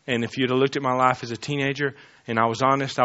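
Fervent bright-voiced preacher. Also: male voice, medium pitch, flat delivery, fast talker, lo-fi sound. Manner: swings between loud fervent preaching and quiet confiding asides. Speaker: pastor. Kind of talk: sermon.

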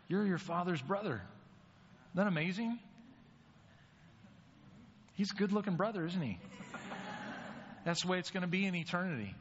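A man's voice: fairly high pitch, fairly bright tone. A man preaching a sermon in a conversational way, often asking his listeners rhetorical questions. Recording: reverberant hall, dull lo-fi sound.

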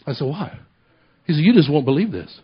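A man with a husky, breathy voice preaches a sermon. He tells his stories with animation, acting out the voices and repeating phrases for emphasis. The recording sounds dull and lo-fi. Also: a little high, animated, fairly quick. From Oklahoma ministry, United States. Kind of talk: sermon storytelling.

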